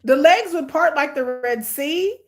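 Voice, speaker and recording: A middle-aged woman giving blunt, sarcastic, animated commentary on a reality show she is watching. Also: high voice, unhurried. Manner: hyperactive and energetic. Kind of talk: casual live watch-along commentary.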